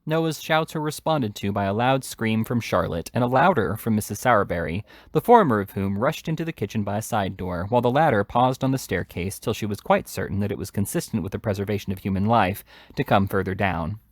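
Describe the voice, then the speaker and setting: A man with a low voice reads a classic novel aloud at a steady, measured pace. The sound is close and dry, with no room around it. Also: no echo. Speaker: hobby reader.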